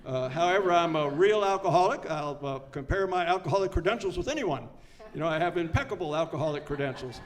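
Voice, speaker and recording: A man's voice: on the high side, lively intonation, quick pace. An older man from Maryland sharing his recovery story at a meeting, conversational and self-mocking. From Maryland, United States. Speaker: AA speaker. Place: meeting room before a live audience.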